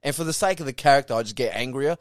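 A man's voice: mid-range voice, rapid-fire, clear, resonant tone, no echo, studio quality. A young man, a stand-up comedian, telling blunt, sweary stories in a casual podcast chat.

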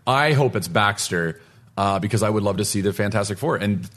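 Low-voiced man groping for words. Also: lively intonation, a bit bright. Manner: halting, restarts words while thinking. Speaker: podcast panelist. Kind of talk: casual pop-culture panel chat.

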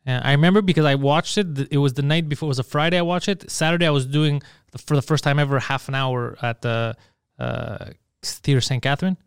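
A rapid-fire man on a casual comedy podcast who swears constantly as he tells stories. His voice sits a touch high and comes through smooth and clear, close and dry. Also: no echo. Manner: rapid, profane storyteller. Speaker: podcast co-host.

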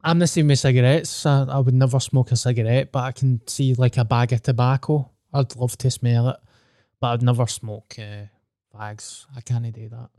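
A man's voice: medium pitch, steady tone, normal speed, warm tone, no room sound, clean studio sound. Sweary Scottish man hosting a podcast. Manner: sweary, joking, candid. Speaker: podcast host. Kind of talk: casual podcast chat.

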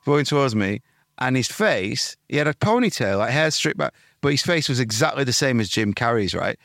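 A young man rattles through stories at a brisk clip, swearing freely and slipping into voices of the people he describes. He sounds close to the mic in a dry, dead room. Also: medium pitch, sing-song, creaky, fairly bright tone, no echo. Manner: swearing, laughing storyteller who mimics other people. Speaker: podcast co-host. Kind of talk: casual banter telling anecdotes. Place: home studio.

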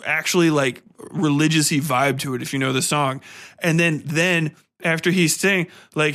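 A man hosting a podcast, giving a profane, rambling film review in casual chat, sometimes breaking into song. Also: on the high side. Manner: profane, rambling, animated storytelling with sung bits. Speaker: podcast host.

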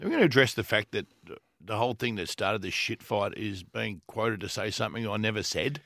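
A man banters as a podcast co-host, his voice gravelly and ringing bright. He sounds defensive, swears freely and hammers his points home by repeating them. The sound is close and dry. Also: on the low side, lively intonation, fairly quick, no room sound.

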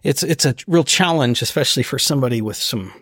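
Brief Male podcast co-host, lively storyteller, slightly husky, dry close mic. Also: fast, dry recording. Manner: animated, acts out his own reactions in high bursts. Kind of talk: casual chat, comic storytelling.

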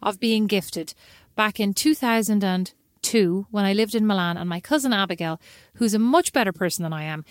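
A woman co-hosting a casual chat show, telling self-deprecating stories in an animated way. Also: mid-range voice, normal speed, few pauses, no room sound, studio quality. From Ireland. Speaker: podcast co-host.

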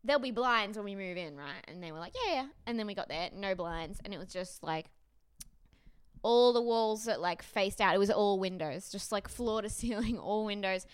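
A woman's voice: medium pitch, normal speed, clean tone. A woman chatting casually as a podcast co-host, swearing freely and laughing often as she tells stories. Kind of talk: casual chat.

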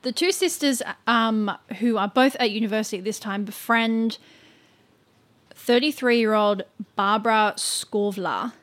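A woman co-hosting a podcast tells a story in a casual, chatty way, full of "like" and "um" and stumbling over names. Her voice is fairly high and a bit bright, and she speaks a little slowly.

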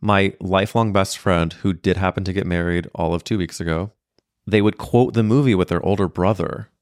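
A man in his thirties from St. Louis, hosting a solo podcast and telling a funny story in a campy, animated way, acting out the other people's lines and laughing as he goes. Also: low voice, normal speed, dry recording, clean studio sound. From St. Louis, Missouri, USA. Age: 30s. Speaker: podcast host.

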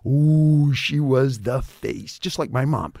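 An older man telling stories as a guest in a casual interview, animated and quick to break into laughter. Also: mid-range voice, gravelly, no room sound, studio quality.

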